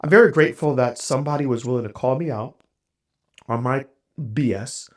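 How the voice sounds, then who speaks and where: A man hosting a podcast, telling a candid, self-deprecating story in a casual, animated way. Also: medium pitch, a little fast. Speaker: podcast host.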